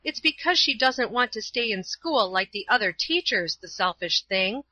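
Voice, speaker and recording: A woman's voice: fairly high pitch, expressive, moderate pace, bright, forceful tone, muffled recording. A woman voicing a stubborn, resentful young schoolgirl in a storybook reading, complaining indignantly.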